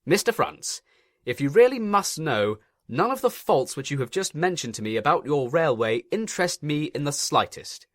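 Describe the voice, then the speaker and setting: A man doing a pompous high inspector. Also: big pitch swings, moderate pace, no room sound, studio quality. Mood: officious. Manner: fussy, officious, exclaiming. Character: pompous stern male railway inspector.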